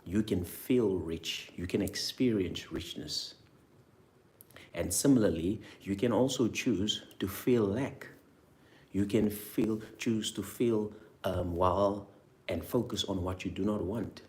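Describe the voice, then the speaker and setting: A man coaching viewers on their money mindset, leading them through imagined feelings with repeated, energetic prompts. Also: lowish voice, slow. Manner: energetic, emphatic interjections. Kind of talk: motivational guided talk to viewers.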